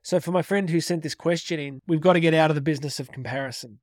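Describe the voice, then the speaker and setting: A middle-aged man giving an energetic motivational talk, emphatic and repeating his key phrases. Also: a little high, fast talker, dry recording, clean studio sound. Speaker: motivational speaker. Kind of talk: direct-to-camera motivational talk.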